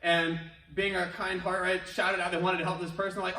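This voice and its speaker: A man's voice: sits high, flat delivery, moderate pace, bright, forceful tone. A male martial arts instructor, coaching an online class in an upbeat, encouraging way. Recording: echoey room, mic at a distance.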